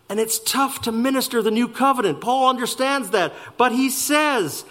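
A man preaching a sermon, slowing down to stress key words and speeding through asides. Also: high-pitched. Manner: animated preaching, slowing for emphasis and rushing asides. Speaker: pastor.

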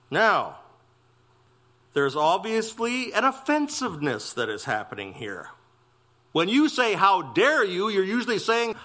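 A man preaching an expository sermon in a church, emphatic and exclamatory, stressing phrases slowly. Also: high-pitched, wildly swooping pitch, bright, forceful tone. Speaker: pastor.

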